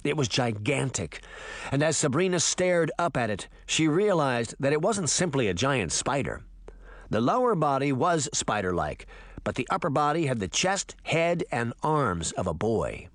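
A man narrating a fantasy audiobook in a dramatic, expressive reading style. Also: medium pitch, normal speed, no room sound. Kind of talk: scripted narration.

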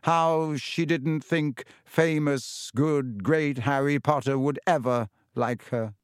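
A man voicing a sinister young man who speaks quietly, calmly and with smug menace. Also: a little high, takes it slowly, no echo, clean studio sound. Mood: mocking. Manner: quiet, calm, smoothly menacing.

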